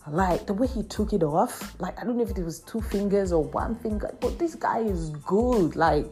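A young woman telling a personal story in casual chat, animated, with lots of "like" and "man". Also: normal speed, faint music behind. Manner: animated, raises pitch sharply for quoted voices, heavy "like" and "man".

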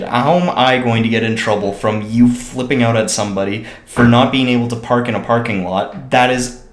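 A man's voice: mid-range voice, steady tone, fairly quick. A man telling a story in casual chat, profane and indignant, swearing freely. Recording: roomy echo.

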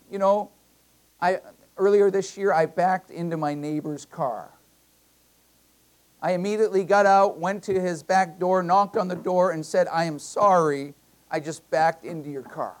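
Male pastor preaching a conversational sermon. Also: high-pitched. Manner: conversational preaching with personal anecdotes; emphatic, repeats key phrases. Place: church.

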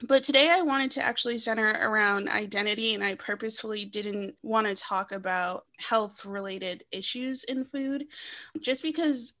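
A woman's voice: mid-range voice, bright, forceful tone. Reflective woman hosting a podcast. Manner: reflective, conversational, with many fillers. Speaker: podcast host. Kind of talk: casual podcast chat.

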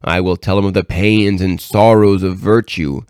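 A man's voice: deep voice, fairly even intonation, moderate pace, a little mellow, smooth, dry recording, studio quality, lightly acted. A man voicing eager male imps who boast to the devil about how they will tempt a good man. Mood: boastful.

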